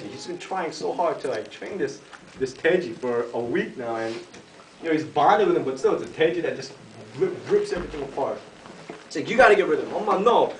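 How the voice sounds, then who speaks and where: Rambling man telling a joke, echoey. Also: mid-range voice. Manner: meandering, full of "like" and "you know", breaks into laughter. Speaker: joke teller. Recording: echoey room, distant mic, noisy home video.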